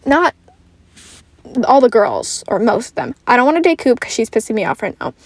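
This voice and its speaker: A woman's voice: a little high, wildly swooping pitch, fairly quick, no echo. A tired young woman hosting a casual solo podcast, rambling and correcting herself, swearing now and then. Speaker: podcast host.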